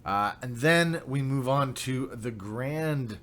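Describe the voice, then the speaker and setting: A man's voice: medium pitch, lively intonation, slow, fairly bright tone, a little hiss or hum. A young man hosting a casual livestream, upbeat and chatty, greeting viewers by name. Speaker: livestream host.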